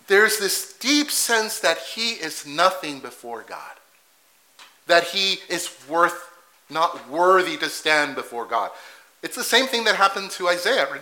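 A male preacher giving a sermon in church, animated, asking rhetorical questions and acting out quotes. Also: high-pitched, poor audio.

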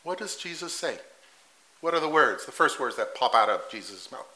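A male preacher giving a sermon in church, animated, asking rhetorical questions and acting out quotes. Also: medium pitch, moderate pace, poor audio.

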